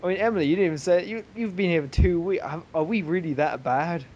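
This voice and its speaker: A man hosting a casual group podcast, rambling and joking between quick asides. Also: sits high, darkish tone, lo-fi sound, a little hiss or hum. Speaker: podcast host.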